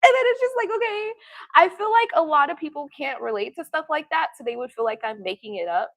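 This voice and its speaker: A woman's voice: sits high, expressive, quick pace, a bit bright, no echo. A woman hosting a livestream, telling stories in a blunt, profane, casual way and often laughing. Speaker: tarot reader and livestream host.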